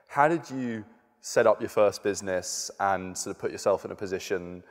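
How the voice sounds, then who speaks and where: Hesitant low-voiced student interviewer. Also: male voice, normal speed. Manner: hesitant, repeats words before asking. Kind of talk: interview questions. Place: debating hall. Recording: long hall reverb.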